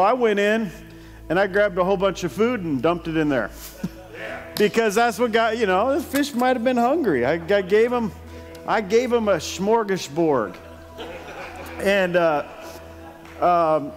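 Man telling a story in a church hall. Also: sits high. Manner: storytelling, laughs often. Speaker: pastor. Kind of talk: sermon with personal story.

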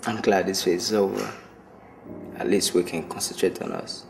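A man playing a gentle boyfriend who speaks softly. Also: deep voice, steady tone, normal speed, vocal fry. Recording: roomy, distant, music underneath.

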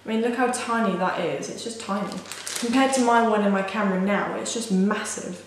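A young woman vlogging casually as she unboxes something, excitable and gushing, with lots of "like" fillers. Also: medium pitch, brisk. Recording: very echoey room, faint hiss.

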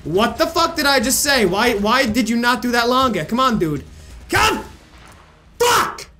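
A man commentating his own gameplay, frustrated and swearing, with sudden yelling outbursts. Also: very high-pitched, lively intonation, moderate pace, background noise. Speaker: gaming video creator. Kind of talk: casual let's play commentary. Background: game music.

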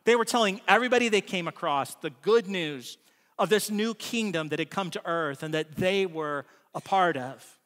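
A man's voice: high-pitched, moderate pace, a bit bright, big-room sound. A man preaching a sermon in a church, talking in a conversational way and often adding "right?" to check in with his listeners. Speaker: pastor. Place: church hall.

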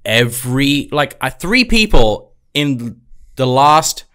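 A man in his thirties with a bright, forward tone talks as a podcast guest. His stories come out candid and halting, peppered with swearing and restarts, in loose casual chat. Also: mid-range voice, sing-song.

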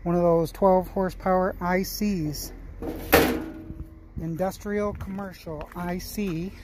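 In a very noisy recording, a man with a high-sitting voice speaks slowly and steadily, offering casual commentary and musings as he walks an outdoor equipment auction yard for his small-engine flipping channel.

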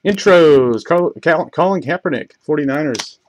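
A man calls out trading card pulls one after another during a live break, his voice sitting slightly high. He moves through the names at a steady clip and sometimes stumbles over one. A faint hiss and soft keyboard clicks sit under the recording. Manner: rapid list-reading, stumbles over names; bursts of excitement on big pulls.

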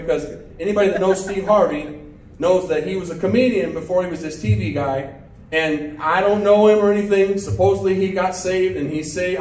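A pastor telling a story during a sermon, full of restarts and questions to the congregation. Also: male voice, high-pitched, a little mellow. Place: church sanctuary. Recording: roomy church sound from a distance.

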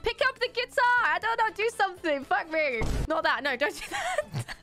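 A young woman streamer doing casual reaction commentary, excitable, laughing often and swearing freely. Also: very high-pitched, normal speed, over music.

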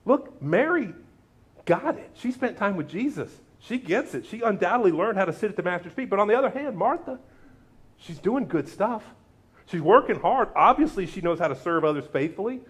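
A man's voice: normal speed, husky. A man preaching a sermon as pastor, acting out quotes with big jumps in his voice. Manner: animated, acts out quotes with big pitch jumps.

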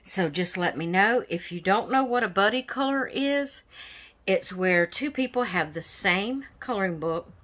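Slow-talking woman chatting casually. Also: mid-range voice, lively intonation, a bit bright. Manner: rambling and chatty, with many fillers. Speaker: coloring channel host. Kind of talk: casual show-and-tell vlog.

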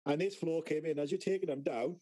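A man's voice: on the high side, quick pace, dark tone, rough recording. A British man co-hosting a podcast, telling rambling stories in casual chat and swearing a lot. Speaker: podcast co-host.

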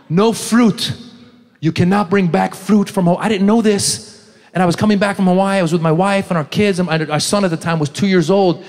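A man's voice: high voice, a little hiss or hum. A middle-aged man doing a stand-up comedy set on a club stage, quizzing the crowd and acting out characters. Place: comedy club stage before a live audience.

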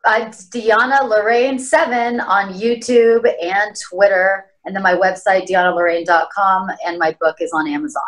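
A woman's voice: medium pitch, fairly even intonation, normal speed, few pauses, fairly bright tone, poor audio. Earnest, enthusiastic woman co-host. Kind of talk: casual panel chat.

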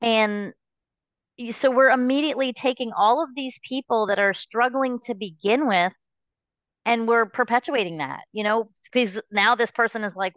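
A woman's voice: fairly high pitch, normal speed, a bit bright, no room sound, muffled recording. A woman hosting a podcast, talking in a chatty, rambling way with many restarts. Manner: chatty, rambling, frequent restarts and "you know". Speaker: podcast host. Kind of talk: casual interview chat.

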